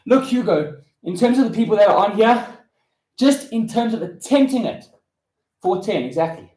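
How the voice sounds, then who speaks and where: A young man from South Africa, loud and fired up, swearing heavily and counting reps aloud while out of breath from push-ups. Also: high-pitched. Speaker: vlogger. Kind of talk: motivational rant while doing push-ups. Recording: roomy echo.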